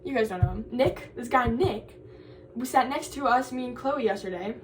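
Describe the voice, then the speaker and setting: A woman's voice: a little high, normal speed, far from the mic, slight background noise. A young woman, a college student, chatting casually in a vlog and rambling through a story with lots of "like.". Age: young adult.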